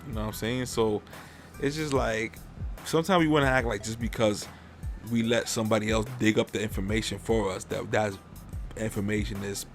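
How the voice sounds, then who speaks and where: A man's voice: on the low side, steady tone, fairly quick, soft background music. A man hosting a podcast in casual chat, rambling and swearing freely as he airs his opinions. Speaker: podcast host.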